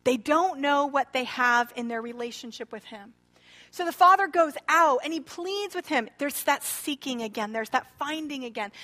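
A woman preaching a sermon in a church, retelling a parable expressively and acting out the quoted lines. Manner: expressive, acts out quoted speech with shifting pitch and loudness. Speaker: pastor.

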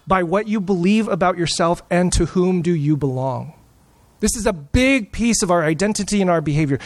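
A middle-aged male pastor preaching a sermon, telling stories with emphatic, dramatic pauses. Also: sits high, dry recording.

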